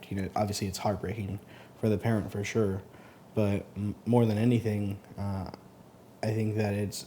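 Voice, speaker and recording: A man hosting a story channel who reads posts aloud, then comments in a halting, earnest way, often stumbling and repeating words. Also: lowish voice, a little hiss or hum. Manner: sympathetic, soft-spoken commentary. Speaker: Reddit story reader and host.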